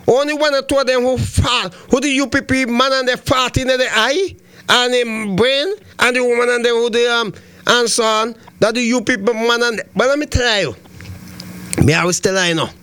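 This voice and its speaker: A man's voice: very high voice, steady tone, moderate pace, bright, forceful tone, clear, resonant tone. A man hosting a radio talk show, ranting heatedly about politics and repeating himself as he goes.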